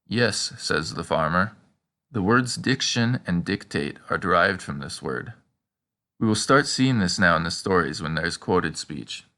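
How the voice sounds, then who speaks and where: Male teacher for a scripted lesson, bright and forceful tone, slows down for the examples. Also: sits low, lively intonation. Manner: prompting the listener with questions and pauses. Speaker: language teacher.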